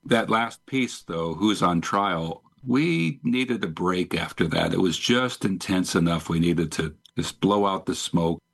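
Husky gravelly deep-voiced musician. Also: male voice, unhurried, few pauses. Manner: relaxed, anecdotal. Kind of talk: casual interview.

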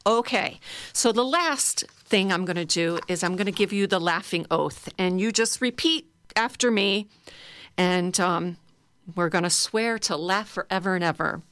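A woman leading a group through guided laughter exercises, playful and encouraging, breaking into loud laughter. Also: medium pitch, a little slow, no room sound. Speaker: laughter yoga leader.

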